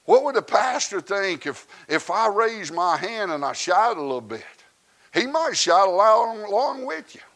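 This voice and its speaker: A man, preaching a sermon that swings from quiet asides to loud shouted preaching. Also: sits high, sing-song, unhurried.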